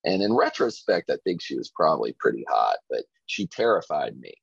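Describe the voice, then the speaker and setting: A low, husky man tells his stories in an easygoing ramble, leaning on "like" and "you know" as he goes. He is from Virginia and talks like a guest on a casual podcast. The recording is dry and a little dull. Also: very animated, fairly quick, no echo. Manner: laid-back storytelling, frequent "like" and "you know". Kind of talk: casual chat.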